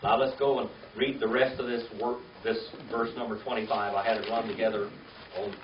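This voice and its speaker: An older man teaching a classroom Hebrew reading lesson, patient and slow, spelling words out letter by letter. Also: lowish voice, flat delivery, slight background noise. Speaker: Bible language teacher. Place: classroom with a small group. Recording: echoey, distant, dull lo-fi room recording.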